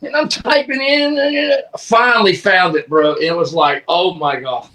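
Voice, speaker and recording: A man co-hosting a podcast in casual chat, telling animated stories and acting out quoted dialogue, sometimes shouting it. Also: high voice, normal speed. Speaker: podcast co-host.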